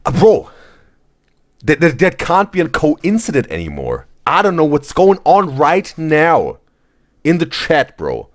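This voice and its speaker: A man hosting a live stream, reading chat messages aloud in a casual, excitable way and saying "bro" constantly. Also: fairly high pitch, measured pace. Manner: animated, exclaims "bro" constantly, laughs often.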